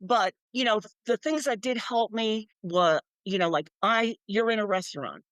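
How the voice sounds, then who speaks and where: A woman's voice: mid-range voice, moderate pace, a bit bright, no echo. An older woman, an author being interviewed, chatting animatedly and acting out quoted voices with frequent laughs. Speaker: author and guest. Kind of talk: casual interview chat.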